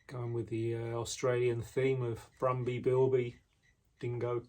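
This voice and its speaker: A man casually showing the knives he makes, talking in a relaxed way with frequent ums and restarts, indoors in his workshop. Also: mid-range voice, a little slow. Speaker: knife maker. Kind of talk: casual product walkthrough.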